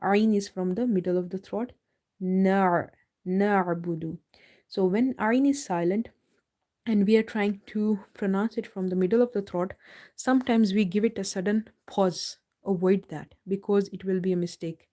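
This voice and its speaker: A woman teaching Quran recitation in a live online lesson, patiently repeating each word slowly for her students. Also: medium pitch, steady tone, dark tone. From United Kingdom.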